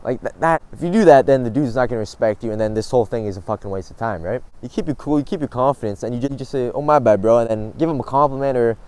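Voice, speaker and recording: A man's voice: medium pitch, racing, hardly any pauses, a little mellow, clean tone. A young man giving casual self-improvement advice, blunt and swearing often, laughing at himself now and then.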